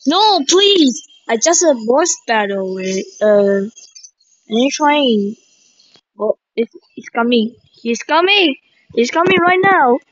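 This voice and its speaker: A woman giving excitable gameplay commentary, full of sudden exclamations. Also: high voice, dry recording. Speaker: gaming streamer. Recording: slightly dull lo-fi mic.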